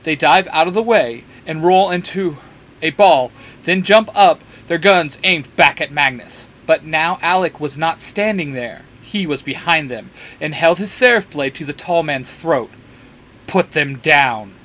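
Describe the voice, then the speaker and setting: Man reading a story aloud, bright voice. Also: a little high, unhurried. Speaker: story reader. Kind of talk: reading fan fiction aloud.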